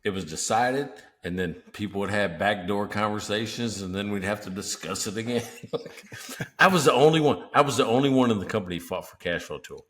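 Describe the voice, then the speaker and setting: A man with a fairly low voice co-hosting a casual business podcast. He talks emphatically and lays out examples step by step, like someone used to running seminars. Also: lively intonation, brisk, fairly bright tone. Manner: emphatic, teaching with worked examples. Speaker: podcast co-host.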